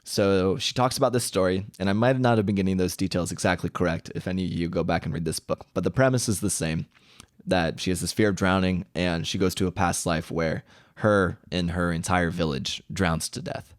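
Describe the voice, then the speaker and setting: A man's voice: deep voice, steady tone, a little fast, dry recording, studio quality. A man casually retelling a story from a book, rambling and correcting himself as he acts out quoted dialogue.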